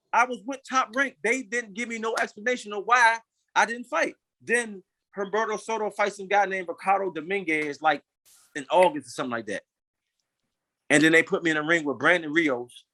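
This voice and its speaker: A man's voice: high voice, bright, forceful tone, dry recording. A man in his thirties telling his story in an interview, emphatic and frustrated, repeating phrases and swearing at times. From United States. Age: 30s. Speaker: interview guest.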